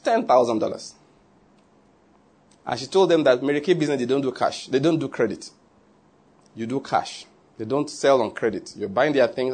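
A man preaches by telling a story in an animated, conversational way. His voice is husky and sits in a middle range. He breaks off for little asides to the congregation. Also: mid-range voice. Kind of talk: sermon storytelling.

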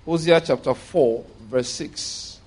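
High-pitched preacher man reading scripture. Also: takes it slowly, darkish tone, breathy edge. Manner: reads scripture aloud with emphatic stresses, occasional restarts. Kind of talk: sermon.

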